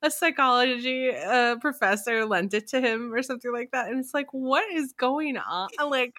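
A woman's voice: a little high, lively intonation, normal speed, pushed and bright, no room sound, studio quality. A young woman chatting casually as a podcast co-host, curious and musing aloud. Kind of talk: casual chat.

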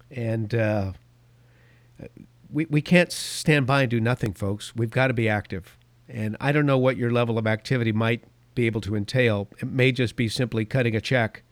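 A man's voice: mid-range voice, no room sound. A middle-aged man hosting his own opinion podcast, talking emphatically and wandering off on tangents as he shares stories. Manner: rambling, emphatic, goes off on tangents. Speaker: podcast and radio host.

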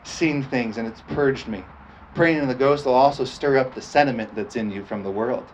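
A man's voice: mid-range voice, normal speed. Man preaching, asking "amen?" constantly. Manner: repeats "amen?" as call for response, laughs often. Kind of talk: sermon. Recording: dull lo-fi sound with faint noise.

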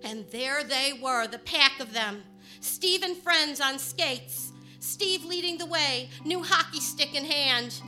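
A woman from Chicago telling a personal story, partly in rhyming verse, moving between hushed and emphatic delivery. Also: high voice, slow pace, soft background music. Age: adult.

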